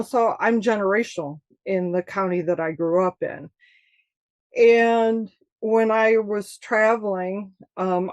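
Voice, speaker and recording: A woman's voice: mid-range voice, no echo. Chatty Michigan woman, dry close sound. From Michigan, USA. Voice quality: chatty, laughs often, animated storytelling. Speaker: author guest. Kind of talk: casual interview chat.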